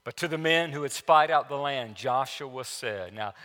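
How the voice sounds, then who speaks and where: A male pastor preaching a sermon in a church, emphatic, repeating key phrases and swinging between loud declarations and hushed asides. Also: mid-range voice, animated, normal speed, long reverb tail. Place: church sanctuary.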